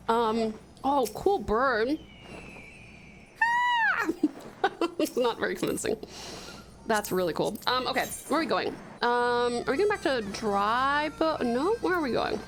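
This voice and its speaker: A young Tasmanian woman with an Australian accent streams a game as a VTuber, her slightly high voice swinging widely in pitch at a measured pace. Bubbly and giggly, she chats casually and greets her viewers with pet names while game music plays underneath.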